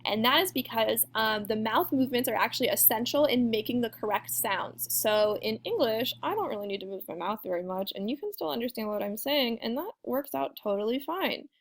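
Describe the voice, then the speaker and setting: A young woman teaching a French pronunciation lesson, encouraging and demonstrating sounds slowly with repetition. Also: on the high side, expressive. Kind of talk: video language lesson.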